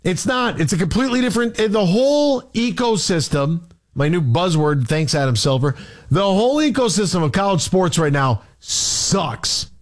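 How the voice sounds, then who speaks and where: Male talk radio host, exasperated rant, lively high voice. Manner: exasperated, rapid-fire rhetorical questions.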